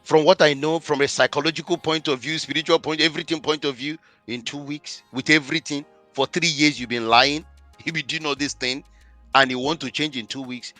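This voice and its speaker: A man's voice: fairly high pitch, steady tone, brisk, bright, forceful tone, faint music behind. A man working as a marriage coach tells a client story in a podcast interview, stressing his points by repeating key phrases.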